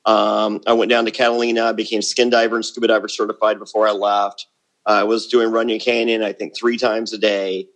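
A middle-aged man, a guest in a casual interview, telling brash, rambling stories full of restarts and quick asides. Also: on the low side, little pitch movement, fairly bright tone. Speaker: guest, former reality show contestant.

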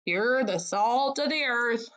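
Areath, a woman reading as a gruff old porcupine. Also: fairly high pitch, animated, slow pace, fairly bright tone. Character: grumpy old male porcupine.

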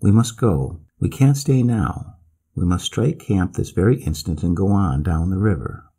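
A man's voice: lowish voice, sing-song, moderate pace, creaky, dark tone, husky, heavily acted. A man reading aloud and voicing a frightened Swedish companion who speaks in an urgent, pleading way. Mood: frantic.

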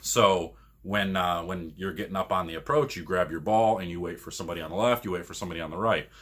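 Man, co-host, casual rambling storyteller, husky voice, bright forceful tone, laughs often. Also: low-pitched, quick pace. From Michigan, US. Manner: rambling, laughs often, animated when retelling arguments. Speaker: podcast co-host and pro bowler.

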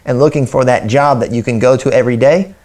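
A man's voice: medium pitch, quick pace, a little mellow. A man, an Islamic teacher, telling stories in conversation, often restarting his sentences and acting out dialogue. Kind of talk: conversational storytelling.

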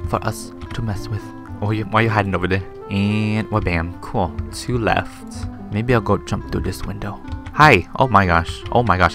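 A young man doing Let's Play commentary on a game, excitable, often jumping to high shrieks and laughter, with game music behind. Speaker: gaming YouTuber.

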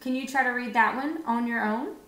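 A woman teacher giving a phonics lesson to young children, encouraging and sounding out words with pauses. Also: on the high side, fairly bright tone. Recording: echoey room.

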